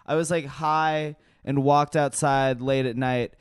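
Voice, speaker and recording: A young man telling stories in casual podcast chat, animated, saying like a lot. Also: medium pitch, measured pace, smooth, no room sound, studio quality. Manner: animated storyteller, heavy use of like.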